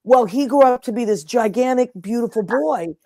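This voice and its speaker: A woman's voice: fairly high pitch, expressive, moderate pace, a little mellow, no room sound. Woman host telling stories, dry sound. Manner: emotional storyteller, acts out quotes. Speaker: podcast host. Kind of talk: casual interview chat.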